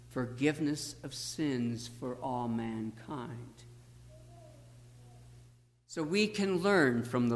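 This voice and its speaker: A man preaching a sermon as a pastor, slow and deliberate, with emphatic pauses. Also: medium pitch, long reverb tail.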